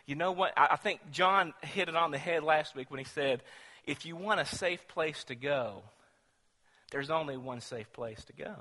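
High, bright preacher in a reverberant hall. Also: male voice. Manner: rhetorical questions, rising to loud emphatic declarations. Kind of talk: sermon.

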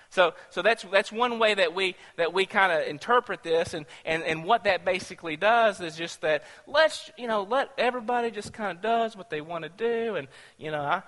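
A man's voice: high-pitched, a bit bright, big-room sound. A man preaching a sermon in a chatty, questioning way, often restarting his sentences. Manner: conversational, asks the congregation questions, many restarts. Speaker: pastor.

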